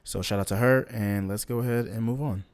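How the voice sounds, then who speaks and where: A man's voice: lowish voice, fairly even intonation, fairly quick. A young man hosting a podcast, talking loosely with slang and plenty of filler. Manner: laid-back, loose, lots of ums and slang. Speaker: podcast host. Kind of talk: casual podcast monologue.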